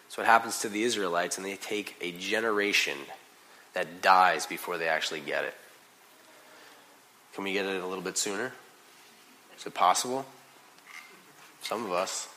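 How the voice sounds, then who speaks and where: A man preaching a sermon in a casual, conversational way, full of "like" and "you know", swinging from quiet asides to loud, emphatic bursts. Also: deep voice, normal speed, pauses often, low-quality recording. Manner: animated, conversational preaching with big swings in loudness. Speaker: pastor.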